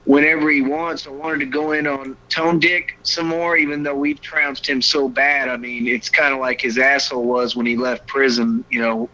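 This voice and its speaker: A man's voice: medium pitch, steady tone, moderate pace, few pauses, bright, forceful tone, slight background noise. A man hosting insult radio, crude and taunting in his banter. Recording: dull lo-fi audio.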